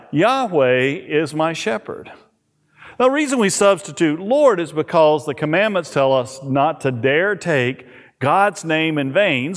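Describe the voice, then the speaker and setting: A middle-aged male pastor preaching a sermon, slowing and dropping his voice on key words. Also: fairly high pitch. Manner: expressive preaching, slows and drops on key words. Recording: long hall reverb.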